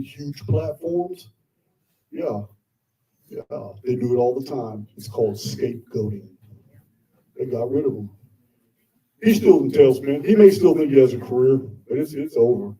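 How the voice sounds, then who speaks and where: A man's voice: mid-range voice, warm tone, recorded from a distance, poor audio. A man presenting live to an audience, talking bluntly and combatively with frequent swearing. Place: indoor meetup venue with audience.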